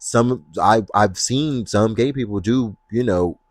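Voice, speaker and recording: A young adult man hosting his own podcast, talking casually and with sass in a deep voice. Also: measured pace, no echo. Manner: sassy, expressive, slips into playful put-on voices when retelling scenes. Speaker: podcast host. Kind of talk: casual solo podcast talk.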